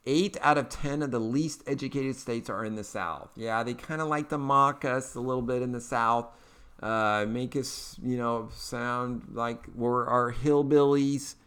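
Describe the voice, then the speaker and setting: A man's voice: mid-range voice, unhurried, a bit bright, clear, resonant tone. A man from Eastern Kentucky with a Kentucky accent, hosting his own podcast in a chatty, folksy, upbeat way with plenty of fillers. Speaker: podcast host. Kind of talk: casual political commentary.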